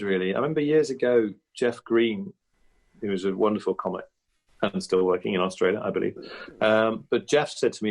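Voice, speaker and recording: A man's voice: on the low side, brisk, darkish tone. A male comedian and impressionist, the guest on a podcast interview, reflective and chatty with many restarts and asides.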